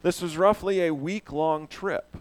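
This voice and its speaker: Animated male preacher with a higher voice. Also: a little slow. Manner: animated, asks the audience questions. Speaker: pastor. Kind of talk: sermon.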